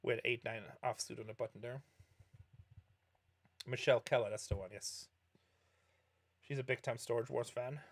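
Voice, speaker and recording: A man's voice: medium pitch, steady tone, moderate pace, pauses often. Rambling middle-aged man chatting casually. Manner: rambling, self-correcting storyteller. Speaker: streamer answering viewer questions. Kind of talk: casual livestream chat while playing poker.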